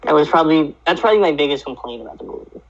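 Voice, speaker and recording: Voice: medium pitch, animated, very fast. A co-host in a casual chat, speaking hesitantly and laughing easily, heard over lo-fi remote audio. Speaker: podcast co-host.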